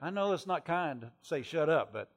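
A middle-aged man, a traveling preacher, telling a story in a sermon and swinging from hushed tones to shouting. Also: on the high side, animated, normal speed.

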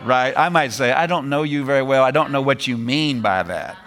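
A middle-aged man preaching a sermon, animated, repeating phrases and laughing as he drives points home. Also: medium pitch, a little fast.

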